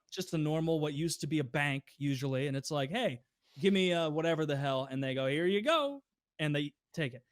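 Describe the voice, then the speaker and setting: A young man telling a casual podcast story, animated and swearing freely, acting out the people he quotes. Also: on the high side, a little fast, dry recording, clean studio sound. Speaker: podcast co-host.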